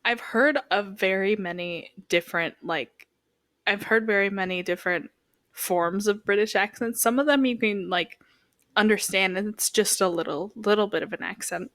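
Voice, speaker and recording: A young woman co-hosting a casual podcast chat, telling stories and breaking into quick bursts of laughter. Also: medium pitch, a bit bright, dry recording, clean studio sound. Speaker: podcast co-host.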